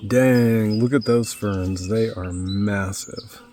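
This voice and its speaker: A man from Nevada vlogging from his kayak on a lake, talking in a relaxed, rambling way and marveling at the scenery. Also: fairly low pitch, takes it slowly, a little hiss or hum. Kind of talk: casual outdoor vlog narration.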